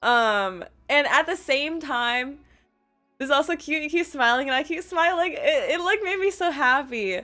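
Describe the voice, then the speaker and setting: A young woman chats through a gushing story on her stream, her voice high and bright, edging toward sharp. She talks in a quick, casual flow full of fillers and quoted lines. Faint music plays under her voice. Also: lively intonation. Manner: gushing, chatty, lots of "like" and quoted dialogue.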